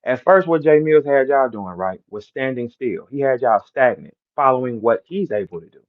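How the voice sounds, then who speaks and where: The audio is narrow and tinny as this St. Louis man, accent and all, rants on a live stream, bragging and trash-talking brashly and repetitively. He's a battle rapper running a live audio room, with an animated mid-range voice at normal speed.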